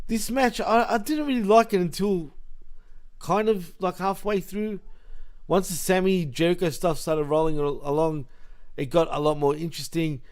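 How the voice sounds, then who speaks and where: A man's voice: high-pitched, moderate pace, a little mellow, clear, resonant tone. A man co-hosting a wrestling podcast, blunt and profane, reading out match results between opinions. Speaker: podcast co-host. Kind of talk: casual wrestling recap chat.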